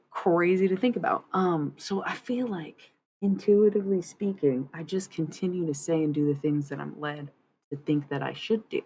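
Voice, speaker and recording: Low-voiced woman streamer, dreamy and meandering. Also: moderate pace, darkish tone, a little hiss or hum, poor audio. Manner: dreamy, meandering, laughs often. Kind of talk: casual livestream chat about channeling.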